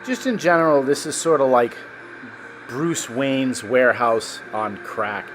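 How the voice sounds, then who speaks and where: A man's voice: medium pitch, measured pace, over music. Enthusiastic male car vlogger. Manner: enthusiastic, chatty. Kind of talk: casual walkthrough narration. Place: car dealership showroom.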